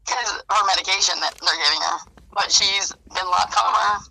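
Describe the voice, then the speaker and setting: A woman's voice: lowish voice, fairly even intonation, normal speed, creaky, sharp tone, a little hiss or hum. A woman talking on a phone call, rambling and easily moved to tears. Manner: rambling, tearful at times. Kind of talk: emotional phone conversation.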